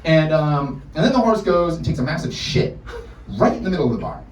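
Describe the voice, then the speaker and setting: A young man from the United States tells stand-up stories in a profane, animated way. His delivery swings widely in pitch. He is heard from a distance in an echoey bar, with loud crowd-room ambience underneath. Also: brisk, slight background noise. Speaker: stand-up comedian. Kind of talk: stand-up set. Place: bar in front of a live audience. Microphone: distant room recording.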